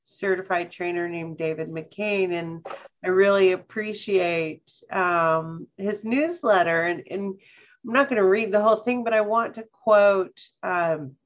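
A woman co-hosting a podcast in casual chat, talking slowly and thoughtfully and reading passages aloud with care. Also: mid-range voice, lo-fi sound. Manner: slow, thoughtful, reads passages aloud carefully. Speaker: podcast co-host.

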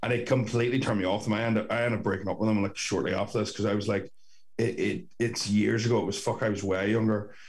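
A man's voice: lowish voice, steady tone, quick pace. A young Northern Irish man co-hosting a podcast over a video call, rambling and swearing in casual chat. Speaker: podcast co-host. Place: sister's bedroom at home.

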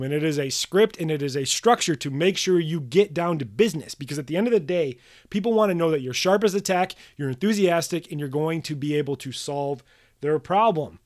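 Blunt, punchy man hosting a podcast. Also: a little high. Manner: blunt and punchy, swears casually; emphatic, drills points with repetition. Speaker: podcast host coaching manual therapy practitioners. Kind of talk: solo podcast monologue.

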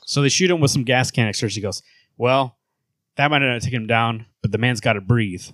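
A man's voice: mid-range voice, a little fast, a bit bright, no echo. A man co-hosting a comics podcast, recapping a comic in a casual, profane, rambling way with lots of fillers. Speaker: podcast co-host. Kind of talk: casual chat.

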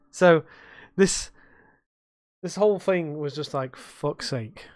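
A man's voice: on the high side, takes it slowly, darkish tone, no echo, studio quality. A young man co-hosting a podcast, ranting and swearing in casual chat about life as a bartender. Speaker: podcast co-host.

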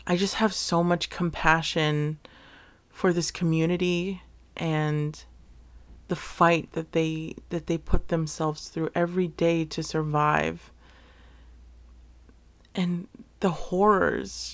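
An earnest woman hosts a casual solo podcast, unhurried and deliberate in her delivery. Her voice sits a little on the low side, and she talks with feeling, swearing casually and restarting her sentences. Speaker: podcast host.

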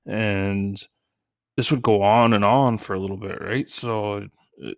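A middle-aged man with a somewhat low voice tells crude, joking stories in a loose, casual way. He jumps into high, shouted voices for the people he quotes. The recording is very dry and close. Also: fairly even intonation, measured pace, no echo. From Canada. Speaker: stand-up comedian. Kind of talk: casual comedic storytelling.

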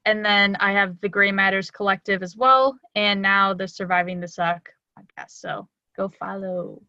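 An enthusiastic woman on a podcast speaks with a bright, forceful tone and heaps encouragement on her host. Her audio is dry and muffled, with the dull lo-fi sound of a remote line. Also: medium pitch, steady tone, moderate pace, no room sound. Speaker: podcast guest. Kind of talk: casual podcast chat.

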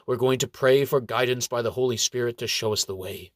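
A man's voice: medium pitch, fairly quick, no room sound, clean studio sound, close to an everyday voice. Man doing a stern, commanding inquisitor. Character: stern male inquisitor cleric, authoritative.

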